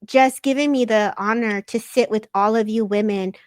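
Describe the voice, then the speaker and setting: A woman hosting a live show and giving an intuitive reading, effusive and emotional, speaking in quick bursts. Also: medium pitch, no room sound, studio quality. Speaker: psychic reader and live show host.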